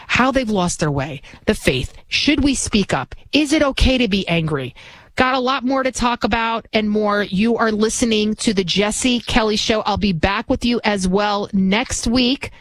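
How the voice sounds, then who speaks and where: A woman in her forties hosts a talk radio show, ranting in an indignant monologue. Her voice sits at an ordinary middle pitch, close and dry on a studio microphone with no room sound. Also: no room sound. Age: 40s.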